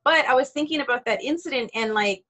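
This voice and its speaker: A woman co-hosts a relaxed podcast chat, rambling with fillers and giggling. Her voice is slightly high. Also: fast. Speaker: podcast co-host. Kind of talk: casual chat.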